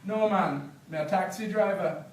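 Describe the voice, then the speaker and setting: A man's voice: high-pitched, normal speed, slight background noise, natural voice. A man reading aloud and voicing a jovial Jamaican male taxi driver, with a hearty, chuckling manner. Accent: Jamaican patois. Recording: roomy, distant, faint background.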